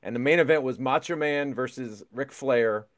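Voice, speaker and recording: A middle-aged man co-hosting a podcast, telling a story in casual chat, excitable and swearing freely as he re-enacts moments. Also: mid-range voice, moderate pace, no room sound. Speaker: podcast co-host.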